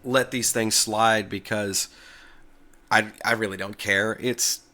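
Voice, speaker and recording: Speaking slowly with a fairly low pitch, this man from the United States hosts a laid-back tech talk video. He keeps things chatty and sometimes stops to correct himself.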